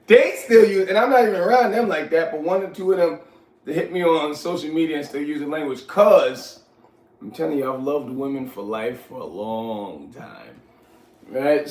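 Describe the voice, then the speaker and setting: A man, telling stories from his youth in casual, animated talk, often asking "you know what I'm saying". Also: fairly high pitch. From New York. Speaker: host. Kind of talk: casual storytelling. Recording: echoey room, far from mic.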